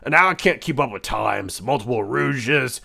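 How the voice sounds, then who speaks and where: Knuckles, a man doing a gravelly brash echidna. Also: medium pitch, expressive, full character voice. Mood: rambling banter. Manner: rambling, stammering, crude, quick to yell. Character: brash hot-headed male echidna, rambling and crude. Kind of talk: live-stream role-play chat.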